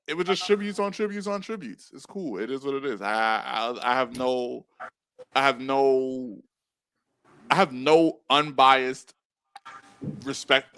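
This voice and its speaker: Wrestling podcast dude, blunt and fed up, bright punchy voice, dry close mic. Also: male voice, medium pitch, no room sound. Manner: blunt, exasperated, emphatic repetition. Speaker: podcast co-host. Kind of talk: casual wrestling review chat.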